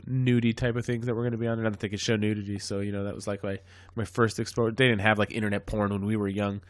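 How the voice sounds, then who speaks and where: A man's voice: lowish voice, little pitch movement, fast, no echo. A man co-hosting a casual podcast, rambling and swearing freely, often losing his train of thought. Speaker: podcast co-host. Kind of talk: casual chat.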